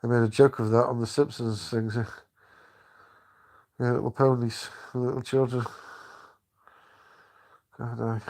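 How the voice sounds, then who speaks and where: Rambling older man, flat voice. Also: medium pitch, creaky. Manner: rambling, halting, many restarts. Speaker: live streamer. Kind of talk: casual live-stream chat.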